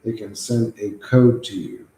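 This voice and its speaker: A man's voice: lowish voice, measured pace, mellow, a little hiss or hum. Profane rambling man livestreaming. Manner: profane, rambling, reacts to chat. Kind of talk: casual livestream chat. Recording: echoey room.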